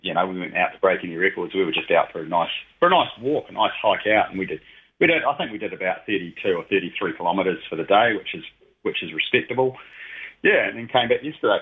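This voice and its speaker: A man's voice: sits low, lively intonation, quick pace. A middle-aged man chatting casually on radio as a regular guest, rambling with many fillers. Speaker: regular guest, heritage train operator. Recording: tinny phone line.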